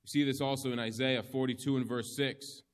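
A man preaching a sermon, reading scripture in slow, measured phrases with emphatic pauses. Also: medium pitch, fairly even intonation.

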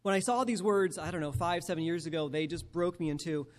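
A male preacher delivers a sermon and reads scripture aloud in a voice that's a little high. He's emphatic, slowing down to stress key phrases.

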